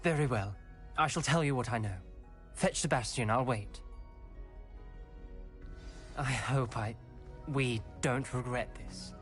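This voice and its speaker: Ominis, a wary young wizard. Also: male voice, mid-range voice, a bit bright, soft background music. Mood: guarded. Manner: measured, formal and guarded. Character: reserved, wary young male wizard student. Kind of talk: video game dialogue.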